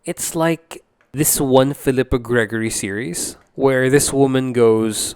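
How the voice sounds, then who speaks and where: Young guy rambling through a review, says like a lot, smooth clear voice, dry close recording. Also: medium pitch, measured pace, a little mellow, no echo. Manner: rambling, many "like" fillers, opinionated. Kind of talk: casual spoken review.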